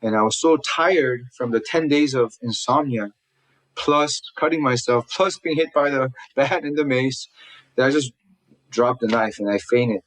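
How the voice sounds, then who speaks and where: A man recounting a personal story to an interviewer, talking quickly and earnestly, restarting phrases and acting out what others said. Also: medium pitch, a bit bright, low-quality recording. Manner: fast, earnest retelling full of restarts, acting out quotes. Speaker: guest telling his life story. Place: lives in Southern California.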